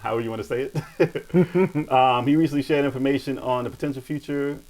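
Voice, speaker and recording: Man, podcast host, casual chat, laid-back, laughs often, mid pitch. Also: fairly quick, darkish tone, low-quality recording.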